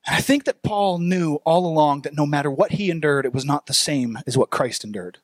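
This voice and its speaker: Young male pastor, high tenor, lively preaching with direct questions to the congregation, dry sound. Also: a little fast, no room sound. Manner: animated preaching, reads scripture aloud, asks the congregation questions. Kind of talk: sermon.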